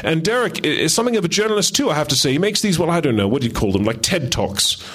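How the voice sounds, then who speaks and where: A chatty, laid-back Australian man in his forties, talking in loose, rambling bursts that trail off, as a reader puts him on. The voice sits well above the reader's usual low register, with a put-on Australian accent. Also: very animated, fast, a bit bright, husky, exaggerated voice. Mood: rambling friendly.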